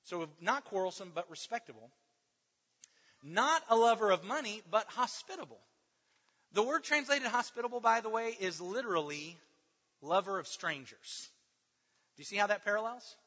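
A man with a high, forceful voice preaches in a church, stressing points and putting questions to his listeners. His voice rings out with a long hall reverb, and the sound is slightly dull. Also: normal speed, pauses often. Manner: animated, emphatic teaching with rhetorical questions. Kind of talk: sermon.

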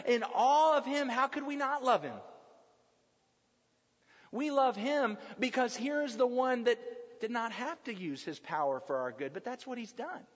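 A man with a high voice preaches to a congregation in a church with long, ringing reverb. He is emphatic, swelling to loud passionate peaks and then falling to hushed, quiet lines. The recording is dull and lo-fi. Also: lively intonation, unhurried. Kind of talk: sermon.

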